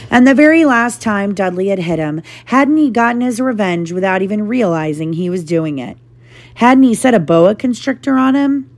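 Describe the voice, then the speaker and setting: A woman reading a novel aloud to her child, lively and animated, with brief asides. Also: mid-range voice, normal speed.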